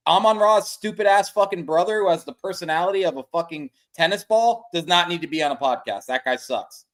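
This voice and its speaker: Fast-talking, worked-up podcast co-host man. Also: sits high. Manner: fast, worked-up, profane storyteller. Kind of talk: casual sports chat.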